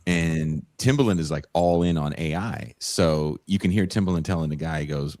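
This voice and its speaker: A man's voice: extremely low pitch, moderate pace, few pauses, a little mellow, no echo. A man hosting a podcast panel over a video call, joking and blunt, laughing often. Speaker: podcast host. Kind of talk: casual panel chat.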